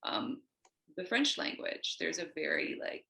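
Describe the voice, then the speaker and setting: A woman poet from the United States, a guest on a video call, talking in a discursive, animated way and wandering onto tangents. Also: on the low side, a little slow, creaky, echoey room. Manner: animated, acts out quoted voices. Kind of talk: casual conversation.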